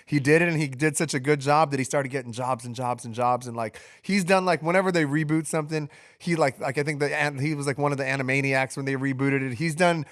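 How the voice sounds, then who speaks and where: A man's voice: on the high side, fairly even intonation, a bit bright, dry recording, studio quality. A man hosting a podcast, chatting casually and rambling through a story with lots of cursing. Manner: fast, rambling, profane. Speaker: podcast host.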